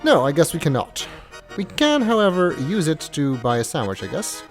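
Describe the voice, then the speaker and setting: A man giving wry let's play commentary, chatting and musing over a game. His pitch jumps around in a lively way, with faint game music in the background. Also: moderate pace. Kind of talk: casual gameplay commentary.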